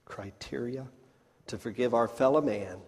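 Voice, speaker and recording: A man preaching a sermon in a folksy way, swinging between loud emphatic bursts and hushed near-whispers. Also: mid-range voice, measured pace, husky. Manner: folksy, addresses the crowd as folks. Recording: long hall reverb.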